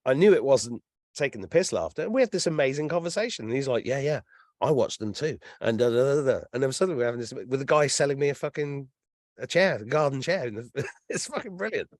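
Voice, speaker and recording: An English man in his fifties, telling stories in a casual chat as a guest, animated and swearing freely. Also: medium pitch, fast, dry recording, clean studio sound. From England. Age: 50s. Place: lives in Ireland.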